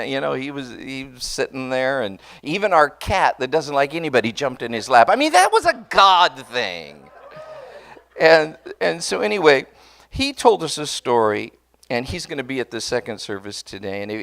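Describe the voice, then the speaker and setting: A man's voice: mid-range voice, gravelly, fairly bright tone. A pastor telling a personal story in a sermon, conversational and earnest, often restarting his words and speaking straight to the congregation. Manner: addresses the congregation directly.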